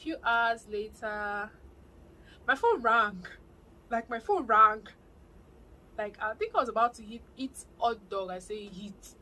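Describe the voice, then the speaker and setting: Young Nigerian woman vlogger, chatty and excitable, mid-pitched, faint hiss behind. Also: rough recording. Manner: animated, excitable storyteller. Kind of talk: casual storytelling to camera.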